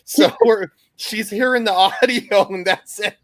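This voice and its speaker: Male stream host, slightly high voice, jokey, reads chat out loud. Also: a little slow. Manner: reads chat aloud, jokey, frequent fillers.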